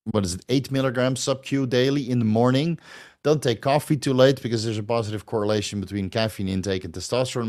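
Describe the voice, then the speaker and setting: Guy w a lowish voice ranting casual answers, lots of uh and right, swears a bunch. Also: a little mellow. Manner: blunt, profane, rambling with fillers and restarts. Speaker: host answering viewer questions. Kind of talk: casual Q&A monologue.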